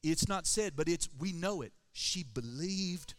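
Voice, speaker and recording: A male pastor delivers an emphatic sermon in a church. His voice sits slightly high, and he drives each point home with calls for amen. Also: animated, a little slow.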